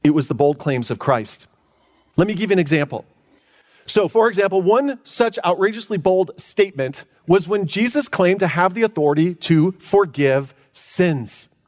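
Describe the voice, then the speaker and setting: A man's voice: lively intonation, a little mellow. A man preaching a sermon as pastor, emphatic, stretching key words out for effect. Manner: emphatic, drawn-out preaching with big pitch swings.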